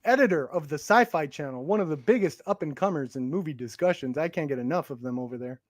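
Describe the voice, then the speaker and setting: A playful man with a notably high voice co-hosts a live stream and jokes around. His voice sounds dry and close, with no room around it. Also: expressive, quick pace, no room sound. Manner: playful, jokey, laughs often. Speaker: co-host of a live movie talk show. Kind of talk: casual live-stream chat.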